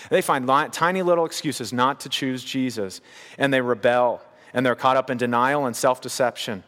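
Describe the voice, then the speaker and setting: A man delivers a sermon in an earnest, steady voice, hammering home key phrases by repeating them. His voice sits in the middle range for a man. A long reverb tail trails each phrase, as in a large church hall. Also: mid-range voice, moderate pace. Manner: earnest, building to emphatic repetition. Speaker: pastor.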